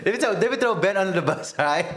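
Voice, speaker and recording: A man in his twenties telling a story on a casual podcast, animated and laughing often. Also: high-pitched, fast talker, reverberant. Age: 20s. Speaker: podcast co-host.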